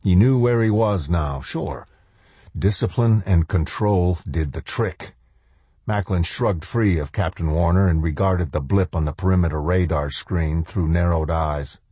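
A man narrating an audiobook in a measured, steady storytelling manner. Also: low voice, breathy edge, dry recording. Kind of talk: scripted narration.

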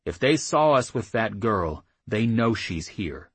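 A man voicing a quick-witted, guarded half-orc rider who explains himself carefully. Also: lowish voice, sing-song, breathy edge, dry recording, exaggerated voice. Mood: wary.

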